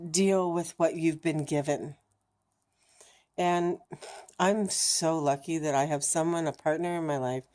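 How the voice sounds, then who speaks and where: Frank, animated woman vlogging to camera. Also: fairly low pitch. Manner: animated, laughing, mimics racing thoughts with fast chatter; frank, swears casually. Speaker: vlogger sharing her cancer journey. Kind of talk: casual chat to camera.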